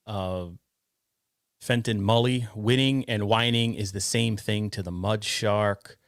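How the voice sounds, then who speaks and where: A man hosting a casual podcast, reading out chat comments in a halting, rambling way. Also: fairly low pitch, fairly even intonation, no echo, clean studio sound. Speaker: podcast host.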